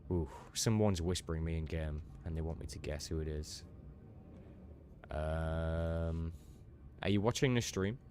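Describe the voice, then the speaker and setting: Male streamer, very low voice, playful and teasing, loose casual commentary. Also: unhurried, a little mellow, a little hiss or hum. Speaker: game streamer.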